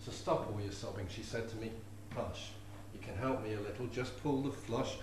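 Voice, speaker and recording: A man voicing a calm old granny. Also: lowish voice, moderate pace, far from the mic, a little hiss or hum, lightly acted. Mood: soothing. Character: calm old granny being flushed away. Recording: echoey live room.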